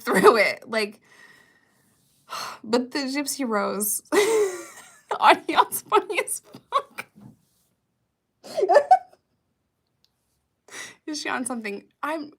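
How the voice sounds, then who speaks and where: A woman's voice: on the high side, lively intonation, takes it slowly, long pauses, a bit bright. A woman in her thirties on a casual livestream, reading viewer comments aloud and talking candidly with frequent swearing.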